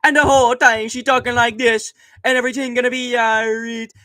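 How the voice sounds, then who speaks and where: A man's voice: extremely high pitch, flat delivery, a little fast, sharp tone, no echo, clean studio sound, pitched above the performer's own voice. A man putting on a mocking impression of a woman faking a Jamaican accent. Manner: mocking sing-song impression.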